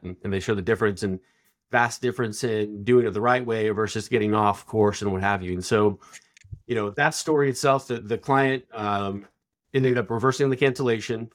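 A middle-aged man guest on a business podcast, telling stories in a casual, animated way and acting out quoted dialogue. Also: fairly low pitch, normal speed. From Texas. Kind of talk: casual storytelling.

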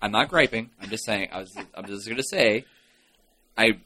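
A man co-hosting a casual radio show, telling stories with animated energy. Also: fairly low pitch, normal speed. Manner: animated storyteller, laughs easily.

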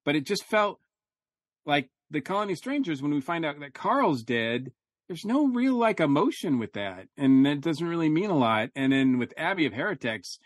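In a studio-quality recording with no room sound, a man with a fairly high voice and big pitch swings talks at a moderate pace. He's a podcast co-host rambling through a casual review chat, heavy on fillers and restarts.

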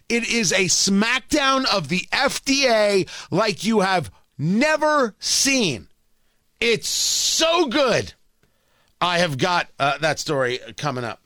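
A man's voice: sits high, sharp tone, no echo, clean studio sound. A man hosting a political talk radio show, delivering a sarcastic, opinionated monologue full of rhetorical questions.

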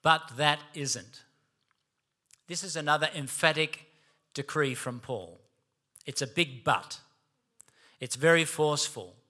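A man's voice: fairly high pitch, measured pace, pauses often, pushed and bright. A man preaching a sermon, storytelling and emphatic. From Australia.

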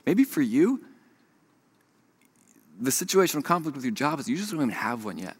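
A young man preaching a sermon, telling a story with animated swings from hushed to loud. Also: medium pitch, brisk, breathy edge. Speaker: pastor.

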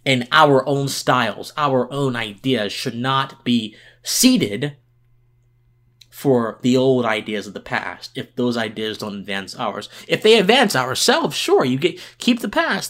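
A worn-out man delivers a political commentary monologue as a podcast host. His pitch swings widely and lively as he builds emphasis, and he often restarts and repeats words in his passion. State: tired.

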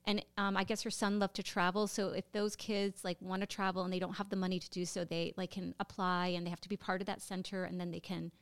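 A woman's voice: lowish voice, little pitch movement, fast, hardly any pauses, smooth, no echo. A woman co-hosting a podcast, telling a story in casual chat, emotional and rambling with lots of fillers. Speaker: podcast co-host.

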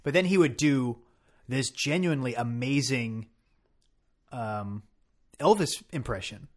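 Man musing at a mid pitch. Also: lively intonation, unhurried. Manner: thoughtful, restarts sentences often. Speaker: podcast co-host. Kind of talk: casual discussion.

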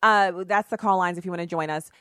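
A middle-aged woman hosting a radio talk show, speaking standard American English in a chatty, animated and outspoken monologue with quick restarts. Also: lowish voice, clear, resonant tone, no room sound, studio quality. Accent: none, standard American speech. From raised in Germany on US Army bases. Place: radio studio. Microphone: studio microphone.

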